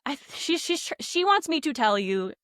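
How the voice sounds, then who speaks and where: A woman's voice: sits high, normal speed, no room sound, clean studio sound. A woman guest on a podcast telling a ghost story casually, acting out quotes and saying "like" a lot. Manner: animated, acts out quotes, many "like" fillers.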